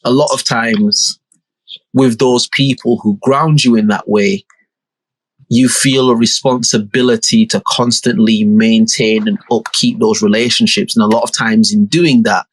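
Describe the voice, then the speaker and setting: A young man, co-hosting a podcast in casual chat, thinking out loud and searching for words. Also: mid-range voice, steady tone, measured pace, no room sound, poor audio. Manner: reflective, slang-heavy, searching for words. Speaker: podcast co-host.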